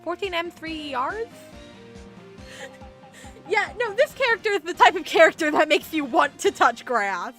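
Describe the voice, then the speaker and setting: A woman's voice: very high voice, a little slow, pauses often, faint music behind. A young woman streaming a game, chatting casually, swearing and joking at her own expense. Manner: animated, self-mocking, swears and laughs often. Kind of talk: casual live-stream commentary.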